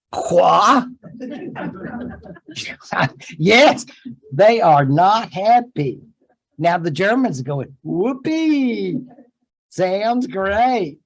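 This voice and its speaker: A man's voice: on the high side, rough recording. An older man with a Southern US accent giving a history lecture to a classroom, chatty and humorous with folksy asides. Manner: chatty and humorous, acting out quotes in silly voices. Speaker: history professor. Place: classroom with students.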